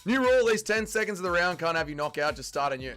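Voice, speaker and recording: A young man hosting a fight watch-along stream, chatting loosely and swearing freely, sometimes yelling. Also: high voice, big pitch swings, quick pace, clean tone, faint music behind. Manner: swings from yelling and swearing to laid-back chat. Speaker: livestream host. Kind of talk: casual live fight watch-along chat.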